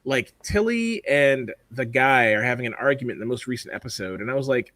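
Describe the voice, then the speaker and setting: A man's voice: medium pitch, lively intonation, fairly quick, a bit bright, no echo. A man co-hosting a podcast in casual chat, blunt and profane, rambling with lots of fillers. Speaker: podcast co-host.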